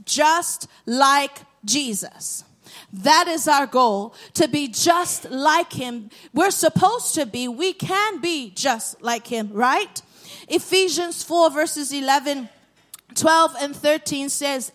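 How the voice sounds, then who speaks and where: A woman's voice: high-pitched, a bit bright. A woman preaching a sermon, reading scripture aloud and calling on the congregation to repeat after her. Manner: call-and-response with congregation, reads scripture aloud.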